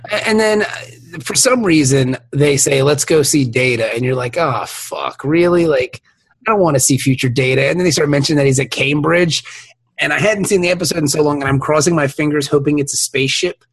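Male podcast host, husky and a bit high, casual profane banter. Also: quick pace. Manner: profane, joking, rambling. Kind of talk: casual chat.

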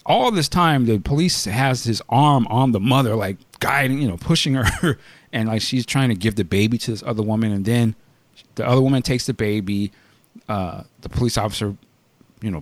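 A man hosting a podcast, retelling a news story in casual chat and acting out quoted shouting. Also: on the low side, moderate pace, dry recording. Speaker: podcast host.

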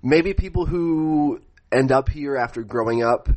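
A man speaks as a podcast guest, relaxed and dry, keeping his replies short. His voice sits at an ordinary pitch and has a husky edge. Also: a little slow. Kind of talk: casual podcast chat.

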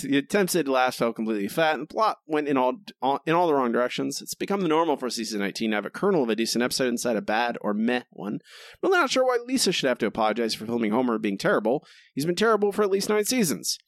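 A male podcast host with a lively, swinging delivery, reading reviews with wry asides. His voice is close and dry, with no room sound. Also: mid-range voice, no room sound. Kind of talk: casual chat reading listener reviews.

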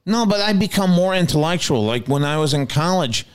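A podcast co-host man who tells stories with plenty of cursing. He is an Armenian native speaker and keeps the banter lively. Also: a little high, brisk, clear, resonant tone. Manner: swearing, animated storytelling. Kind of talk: casual stoned banter.

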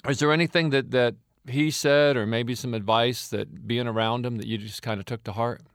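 A man's voice: medium pitch, steady tone, moderate pace, clear, resonant tone, dry recording, studio quality. A man hosting a casual interview, upbeat and prompting, nudging his guest on. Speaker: podcast host.

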